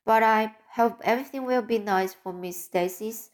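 A woman's voice: on the high side, moderate pace, lightly acted. A woman reading an audiobook, voicing an earnest young woman. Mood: listless.

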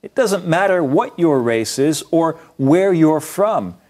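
A man's voice: on the high side, expressive, takes it slowly, darkish tone. A man co-hosts a short English lesson, reading a scripted dialogue. He explains terms in a friendly, plain way. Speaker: English teacher, co-host.

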